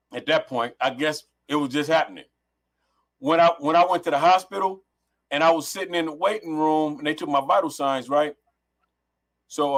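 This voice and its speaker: A middle-aged man from Los Angeles tells a long story as a guest on a call, speaking through a headset. His voice sits somewhat high for a man, and he rambles, restarts his sentences and drops profanity freely. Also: fairly bright tone. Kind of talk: casual storytelling on a remote call.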